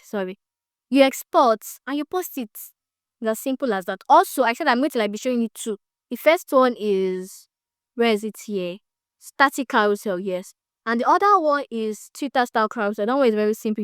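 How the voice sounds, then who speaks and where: A chatty woman walks through a tutorial, her voice a touch high and smooth. She gets excited easily and repeats herself often. The sound is dry and close. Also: no echo. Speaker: social media tutor. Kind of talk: casual step-by-step tutorial. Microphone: phone on a tripod.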